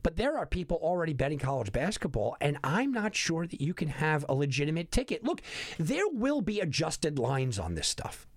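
A man giving an animated, sarcastic sports betting monologue full of exasperated rhetorical questions. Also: on the high side, moderate pace, no room sound.

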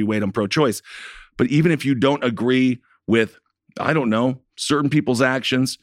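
A man's voice: fairly low pitch, no echo, clean studio sound. A man co-hosting a political talk show, talking casually with sarcastic, rambling jokes. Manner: sarcastic, rambling, jokey asides.

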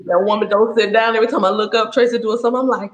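Woman, 30s, higher voice, passionate preacherly delivery, roomy echo. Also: steady tone, rapid-fire, very noisy. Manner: passionate, preacherly, laughs often. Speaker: speaker sharing her story. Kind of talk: faith-based talk.

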